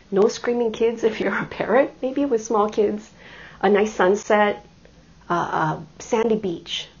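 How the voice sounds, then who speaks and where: A woman's voice: mid-range voice, husky, dull audio. A middle-aged woman preaching a sermon, telling personal stories with self-deprecating humor before turning to scripture. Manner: warm storytelling with self-deprecating humor and laughter.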